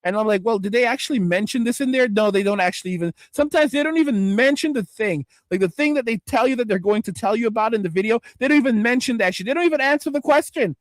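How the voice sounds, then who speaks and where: A man streaming, reacting to videos in a loud, exasperated, profane rant. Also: high-pitched, animated, quick pace, few pauses, no room sound. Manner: loud, exasperated, swearing constantly.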